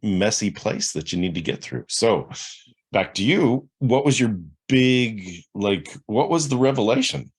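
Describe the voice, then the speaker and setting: A man's voice: on the low side, animated, a little slow, breathy edge. A man hosting a podcast interview, asking long reflective questions full of fillers. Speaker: podcast host. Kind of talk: conversational interview.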